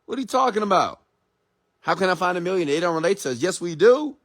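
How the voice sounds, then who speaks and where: A man's voice: high-pitched, sing-song, fast, fairly bright tone. A man who is an entrepreneur and mentor, delivering a blunt, profane, confrontational late-night motivational rant.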